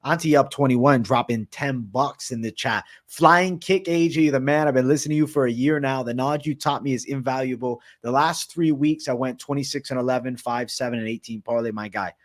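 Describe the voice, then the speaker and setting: A man's voice: medium pitch, a little fast, hardly any pauses. A man co-hosting a casual livestream podcast, reading donations and chatting in a slangy, laid-back way.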